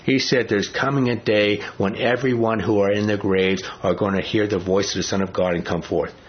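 A man's voice: lowish voice, steady tone, normal speed. Man teaching a casual Bible class. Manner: conversational, asks the class questions, many fillers. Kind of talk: informal Bible study teaching. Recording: dull lo-fi recording.

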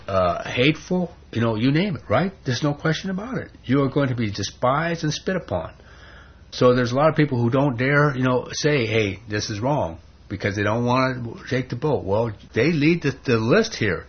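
In a dull, lo-fi recording, a man with a husky, breathy mid-range voice delivers an emphatic, conversational sermon, peppering his listeners with rhetorical questions.

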